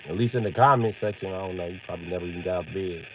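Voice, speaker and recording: A man live-streaming a casual comedic rant. He swears heavily, laughs at his own jokes and acts out other people in loud, high yelps. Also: very fast, a little hiss or hum, low-quality recording. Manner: profane, jokey storyteller.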